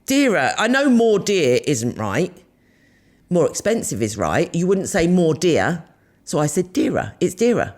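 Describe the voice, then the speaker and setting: Woman, fifties, South London accent, casual podcast co-host, bantering, lively rising and falling pitch. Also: a little slow. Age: 50s. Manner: bantering, teasing, laughs often. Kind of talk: casual chat.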